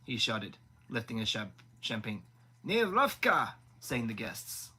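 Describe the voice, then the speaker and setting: Guy reading a book live, bright clear tone, trips over words and goes back. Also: fairly low pitch, steady tone, measured pace, rough recording. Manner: stumbles and rereads words. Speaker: audiobook reader.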